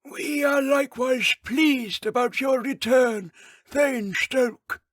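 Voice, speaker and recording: A shrill shouting king. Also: slow, no room sound, clean studio sound, exaggerated voice. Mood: regal. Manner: proclaiming, stately royal "we". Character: loud high-voiced male ruler, regal and formal. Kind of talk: audiobook character voice.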